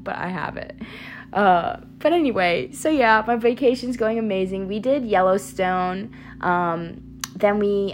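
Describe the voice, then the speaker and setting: A woman's voice: medium pitch, a bit bright, slight background noise. A young woman hosting a casual solo podcast, chatty and rambling, laughing often, with a slight picked-up Southern twang. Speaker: podcast host.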